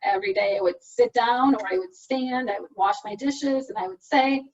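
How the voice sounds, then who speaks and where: A woman's voice: on the high side, normal speed. A woman speech therapist presenting to an online support group, explaining exercises patiently, step by step, over a video call. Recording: dull lo-fi call audio, from a distance.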